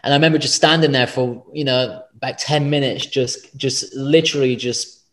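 A man in mid-range pitch, spinning a long personal anecdote as a podcast guest. He rambles, swears freely and keeps restarting his sentences. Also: steady tone, moderate pace, fairly bright tone. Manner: rambling, frequent swearing and self-corrections. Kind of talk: casual personal storytelling.

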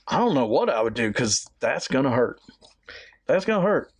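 A man co-hosting a podcast in casual chat, reading hotel reviews aloud in a jokey, animated way. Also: mid-range voice, moderate pace, slightly rough. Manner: animated, jokey, laughs often while reading. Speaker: podcast co-host.

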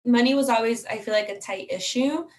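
A woman in her twenties, a guest on a podcast interview, speaking in a quieter, relaxed and measured way. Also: fairly high pitch. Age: 20s. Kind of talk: casual interview conversation.

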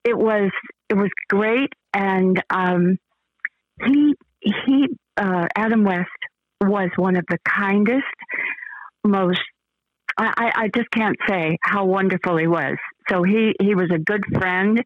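An older actress being interviewed, talking in a rambling, effusive way with lots of fillers and restarts. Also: female voice, mid-range voice, takes it slowly, dry recording, highs cut off. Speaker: actress guest. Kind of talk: casual interview chat.

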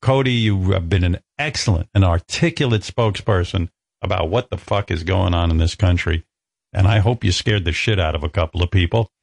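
A man's voice: deep voice, brisk, vocal fry, no room sound. A man hosting a talk radio show, blunt, emphatic and sarcastic. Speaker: radio host.

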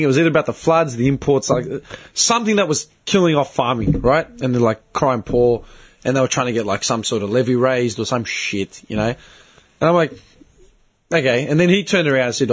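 A man's voice: mid-range voice, expressive, brisk, breathy edge. A man, ranting bluntly and swearing in a casual chat as host.

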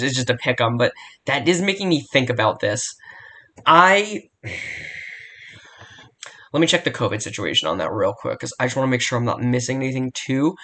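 Profane, rambling young podcast host. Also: male voice, mid-range voice, fairly bright tone. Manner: profane, blunt, rambling with restarts. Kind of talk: casual solo sports betting podcast. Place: home room near a barking dog.

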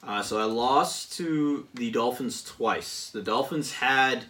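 A man in relaxed conversation with a middle-range voice, rambling along and stopping often for fillers. He sits a little back from the microphone. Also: mid-range voice, recorded from a distance. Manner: rambling, halting with many fillers. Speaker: podcast guest recounting a video game season. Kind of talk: casual chat.

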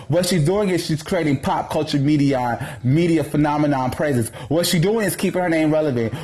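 Brash, sassy male gossip commentator. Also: on the high side. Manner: brash, profane, sassy, sharp-tongued. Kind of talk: ranting commentary vlog.

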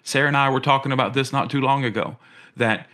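Talking fast in a bright, forceful tone, a middle-aged man delivers a sermon as pastor. He's earnest, he repeats himself frequently, and his questions climb upward in pitch.

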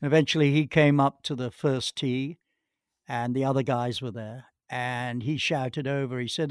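Heard in clean, dry studio sound, a male golf pro being interviewed recounts long stories, stumbling into restarts and pauses along the way. His voice is medium-pitched, clear and resonant, with a steady tone and moderate pace.

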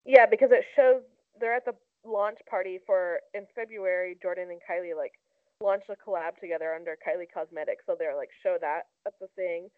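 A woman's voice: lowish voice, normal speed, no echo. A young woman co-hosting a casual celebrity gossip chat, talking loosely with lots of "like". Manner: chatty, heavy use of "like". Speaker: co-host. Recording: tinny phone-like sound.

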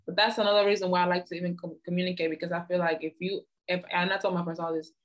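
A woman's voice: fairly low pitch, little pitch movement, racing. A woman co-hosting a casual chat, earnest and teasing by turns. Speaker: podcast co-host.

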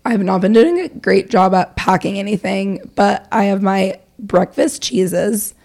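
A young woman co-hosting a podcast, chatting in a relaxed, conversational way. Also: medium pitch, measured pace, gravelly. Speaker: podcast co-host. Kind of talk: casual chat.

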